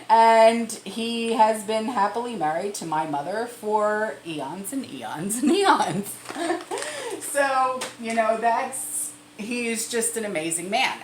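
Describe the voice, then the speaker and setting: A woman's voice: medium pitch, a little hiss or hum. A middle-aged woman chatting casually to camera as a prepping vlogger, repeating herself and laughing now and then. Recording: echoey room.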